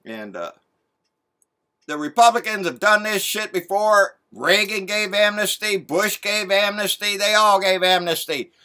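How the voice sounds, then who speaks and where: A man's voice: high voice, expressive, measured pace, bright, forceful tone, clear, resonant tone. A man delivering a blunt, profane, folksy political rant as a vlogger.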